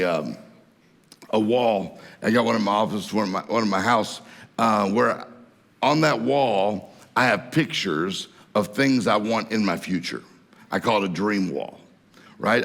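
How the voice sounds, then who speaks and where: Gravelly preacher in a big hall. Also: male voice, on the low side, fairly bright tone. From Mississippi, USA. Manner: folksy storytelling, laughs at his own jokes. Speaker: guest preacher. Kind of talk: sermon with jokes. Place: church hall. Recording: long church hall reverb.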